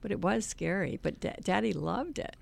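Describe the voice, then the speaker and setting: An older woman telling family stories in an interview, hesitant and soft-spoken. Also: medium pitch, animated, normal speed, creaky. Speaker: author and guest. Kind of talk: storytelling interview.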